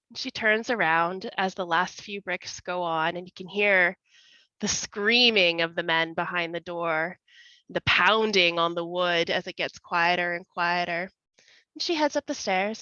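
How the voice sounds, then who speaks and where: A woman narrating a scene in a tabletop game with slow, vivid, dramatic storytelling. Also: on the low side, bright, forceful tone, no echo. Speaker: player. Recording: dull lo-fi sound.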